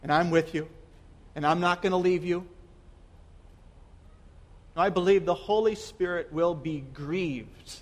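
A young man preaching a sermon earnestly. He asks rhetorical questions and repeats words, swinging between loud emphasis and soft, quiet lines. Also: high-pitched, measured pace, long pauses. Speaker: pastor.

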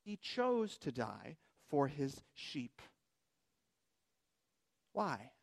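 A man's voice: mid-range voice, sing-song, drawn-out words, gravelly. A man preaching a sermon as pastor, emphatic and asking rhetorical questions.

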